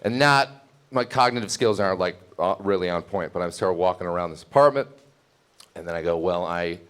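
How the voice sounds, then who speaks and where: A man's voice: low-pitched, fairly quick, fairly bright tone, clean tone. A young man telling a comic story, rambling and self-mocking, laughing as he goes. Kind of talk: live comedic storytelling.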